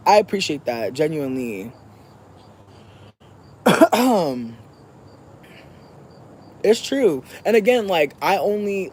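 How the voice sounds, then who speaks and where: A young adult hosts a podcast and tells a long story in a casual, profane way. The voice sits at a middle pitch and swoops widely, dropping soft and then climbing to shouts. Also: a little hiss or hum.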